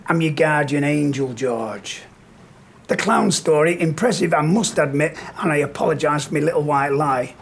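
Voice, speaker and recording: A man playing a calm, preachy clown who is secretly a guardian angel, in a live stage play performed in a pub. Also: fairly high pitch, normal speed, creaky, a little hiss or hum. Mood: teasing. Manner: calm, preachy, gently teasing.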